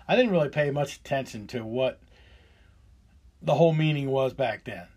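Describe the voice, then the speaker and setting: A man's voice: mid-range voice, normal speed, darkish tone. A man in his fifties delivering a profane, heated and sarcastic solo rant as a podcast host. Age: 50s.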